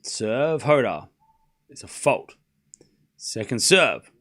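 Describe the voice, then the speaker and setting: Doing relaxed play-by-play for a stream watchalong of a live tennis match, a young man chats away, pokes fun at himself, and trips over players' names. He speaks slowly in a mid-range, sing-song voice with a fairly bright tone.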